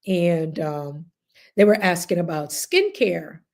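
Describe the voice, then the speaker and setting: A woman's voice: lowish voice, slow pace. A middle-aged woman with a Jamaican accent, chatting casually as host and telling stories with laughter. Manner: animated, laughing, chatty storytelling. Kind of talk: casual group chat.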